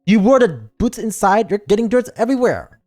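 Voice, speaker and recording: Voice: mid-range voice, sing-song, brisk, darkish tone, soft background music, voice pushed up. A streamer voicing a fussy, scolding teen girl. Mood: indignant. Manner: indignant, nagging.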